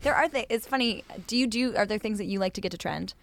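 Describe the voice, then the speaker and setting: A woman guest on a podcast, chatting casually with wry, deadpan jokes and frequent laughter. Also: medium pitch, quick pace, creaky, no room sound.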